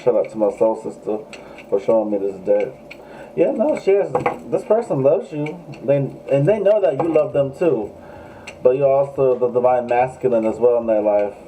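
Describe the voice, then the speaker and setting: A man's voice: mid-range voice, expressive, moderate pace, mellow, slight background noise, poor audio. A man giving a casual, joking live tarot reading, swearing freely and talking straight to his viewers. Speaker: tarot reader.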